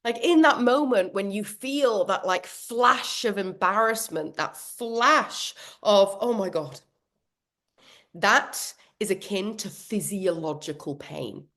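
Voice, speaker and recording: A woman leading an online workshop on a video call, animated and quick to laugh, often acting out what goes on in people's heads. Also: medium pitch. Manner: animated, laughs often, acts out inner voices. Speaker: workshop trainer. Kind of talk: live online workshop talk.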